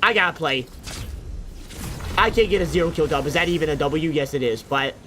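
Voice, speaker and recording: A man's voice: fairly high pitch, a little fast, sharp tone, a little hiss or hum. A man streaming a game, chatting casually with goofy, self-mocking banter. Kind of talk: casual gameplay commentary.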